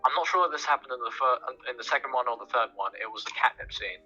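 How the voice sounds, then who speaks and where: Brief: young male podcast guest, very bright sharp voice, halting casual talk, faint music behind. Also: mid-range voice, husky, highs cut off. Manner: hesitant, restarts, stammering. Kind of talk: casual podcast chat about films.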